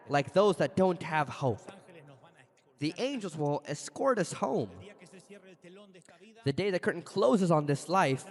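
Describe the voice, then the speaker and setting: A male pastor preaching a sermon, telling stories dramatically with sudden leaps in pitch. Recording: long reverb of a large hall.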